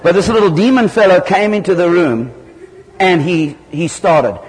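A man's voice sits a little high as he preaches, swinging into sudden loud, high bursts while he tells his stories. He is from southern Africa. A long reverb trails behind him, as if he were speaking in a large hall. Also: moderate pace, slight background noise. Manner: animated storytelling with sudden loud jumps in pitch. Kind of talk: sermon.

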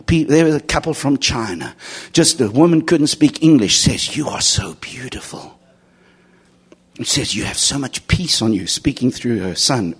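A middle-aged man preaching a sermon and telling stories, moving from loud, high bursts to hushed, low asides and laughing along as he goes. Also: husky. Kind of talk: sermon with storytelling.

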